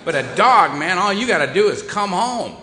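A man's voice: high-pitched, lively intonation, normal speed, background noise. A man giving a humorous recovery talk, wry and self-deprecating, to a meeting hall. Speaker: recovery speaker. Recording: echoey hall with long reverb.

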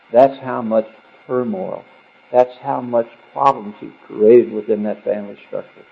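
Man, husky voice, rambling storyteller, recovery meeting talk, dull lo-fi recording. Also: on the low side. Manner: rambling, conversational, wry. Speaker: speaker sharing his story at a recovery meeting.

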